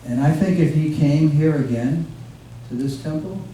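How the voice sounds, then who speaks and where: A man with a dark, mellow voice rambles through devotional stories, stopping and restarting as he remembers. He is picked up from a distance in a very echoey room, with a faint hiss underneath. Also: fairly high pitch. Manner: rambling, halting with many fillers and restarts. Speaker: guest speaker. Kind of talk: informal devotional remembrance talk. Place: devotees' home, recorded from across a room.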